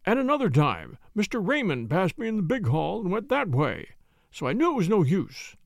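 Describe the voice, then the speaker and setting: A frightened, deferential butler, as a man reading a mystery puts him on. He stammers and pleads, his voice sitting high with a gravelly catch, recorded dry and close. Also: wildly swooping pitch, moderate pace, no room sound, exaggerated voice. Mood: pleading. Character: anxious, cringing middle-aged English butler. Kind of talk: audiobook character voice.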